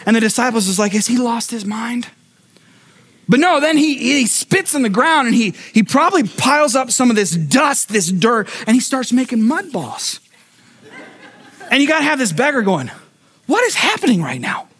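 A man pastor preaching a sermon, telling a story with lively acted-out voices and frequent restarts. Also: extremely high pitch, normal speed. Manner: animated storytelling, acting out voices; repeats words when starting thoughts.

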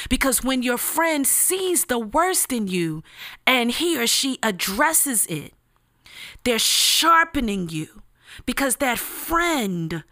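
A woman's voice: fairly high pitch, bright, forceful tone, no room sound, studio quality. A woman giving a motivational devotional talk, earnest and emphatic, with casual slang and repeated phrases. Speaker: speaker giving a devotional message.

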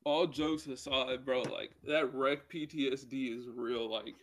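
A young man co-hosting a laid-back podcast, talking in long rambling runs packed with fillers. His voice sits in an ordinary middle pitch. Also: steady tone, unhurried, a bit bright. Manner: rambling, filler-heavy storytelling. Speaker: podcast co-host. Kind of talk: casual podcast chat.

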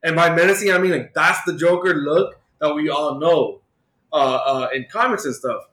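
A man's voice: on the high side, moderate pace, a bit bright. A man co-hosting a podcast, casually retelling a comic book plot in a rambling way, with lots of fillers. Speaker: podcast co-host. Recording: roomy echo.

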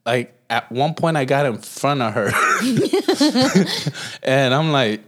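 A man co-hosting a podcast, telling a long personal story in an unhurried drawl. He swears casually and often breaks into laughter at his own tale. His voice sits at an ordinary middle pitch. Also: huge pitch swings, a bit bright. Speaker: podcast co-host.

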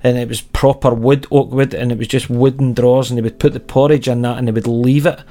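Scottish male co-host, teasing and animated, mid-pitched everyday voice. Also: quick pace. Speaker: podcast co-host. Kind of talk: casual chat.

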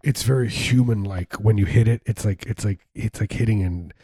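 Mellow-voiced man in casual banter. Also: lowish voice, moderate pace, husky, no room sound, studio quality. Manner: rambling, jokey, slips into silly put-on voices. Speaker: podcast co-host. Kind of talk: casual chat.

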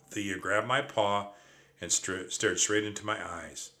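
A man narrating a children's storybook aloud with expressive first-person delivery. His voice is fairly low but bright and forward. He reads at an unhurried, drawn-out pace.

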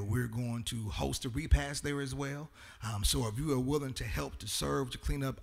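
A man's voice: mid-range voice, creaky, a bit bright. A man pastor addressing his congregation, with many "um" fillers, swelling into a sing-song preaching cadence. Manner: frequent "um" fillers. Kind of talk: church announcements and sermon.

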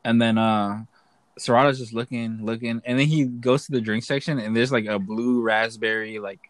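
A man's voice: mid-range voice, fairly even intonation, normal speed, dry recording. Rambling young man telling barracks stories. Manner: rambling, profane, laughs a lot. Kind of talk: casual chat.

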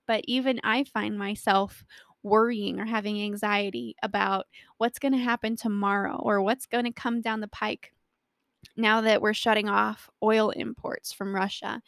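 A woman's voice: mid-range voice, creaky, no room sound. A young woman giving a personal faith talk, telling a story animatedly and acting out the quotes. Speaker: Christian speaker.

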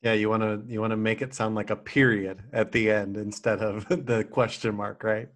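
A man hosting an interview, curious and chatty, asking follow-up questions in a relaxed way. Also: on the low side, moderate pace. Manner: curious, chatty, with small restarts. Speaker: podcast host. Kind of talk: casual interview chat.

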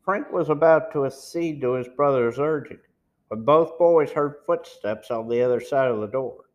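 A man's voice: medium pitch, normal speed, dull audio. A man reading a novel aloud as an amateur audiobook narrator, careful with small stumbles. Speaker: audiobook reader.

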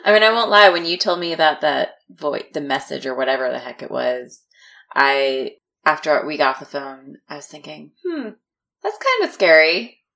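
A woman co-host with a notably low voice speaks in a calm, steady way. She reassures her friend in a relaxed podcast conversation. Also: normal speed, creaky. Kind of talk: casual chat.

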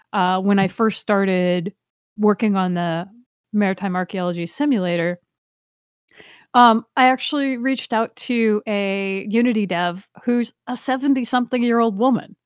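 A woman's voice: mid-range voice, clear, resonant tone, no echo, studio quality. A woman in her fifties, a diver educator, chatting in an interview. She talks animatedly, laughs often, and trails off and restarts her sentences. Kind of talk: casual interview chat.

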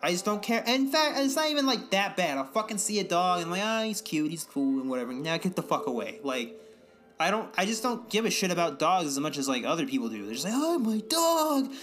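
Ranting young man with a bright high voice. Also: animated, quick pace, faint music behind. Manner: profane, ranting, mimics others in high voices. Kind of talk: casual profane chat.

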